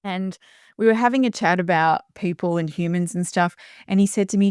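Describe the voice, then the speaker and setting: Smooth-voiced woman hosting a reflective chat. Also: medium pitch, a little fast, no echo, clean studio sound. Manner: earnest and reflective, breaks into laughter. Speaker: podcast host. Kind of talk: reflective conversation.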